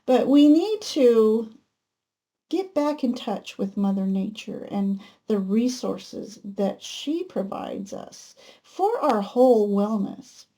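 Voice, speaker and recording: Slow, gravelly-voiced woman tarot reader. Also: a little high, very animated. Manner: gentle, unhurried, spiritual musing with many ums. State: emotional, close to tears at times. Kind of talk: pick-a-card tarot reading.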